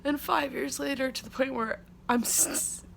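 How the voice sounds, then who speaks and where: Young woman rambling outside her place, kinda high voice w lots of vocal fry, swears a ton, says like constantly, faint hum behind. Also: steady tone, normal speed, fairly bright tone. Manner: rambling, profane, emotional, with frequent "like". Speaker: podcast host. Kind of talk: casual confessional monologue. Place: outdoors at her home by a street.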